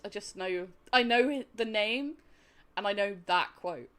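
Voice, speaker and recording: Tired after a long day, a Somerset-accented woman talks casually on her gaming stream, her mid-range voice unhurried, a bit bright, clear and resonant. Faint music plays behind her, and laughter keeps slipping into her sentences.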